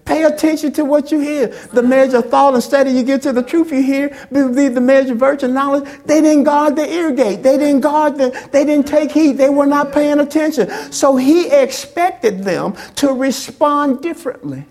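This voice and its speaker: A woman pastor preaching a sermon, acting out quoted lines with big swings in pitch and loudness. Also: normal speed, hardly any pauses.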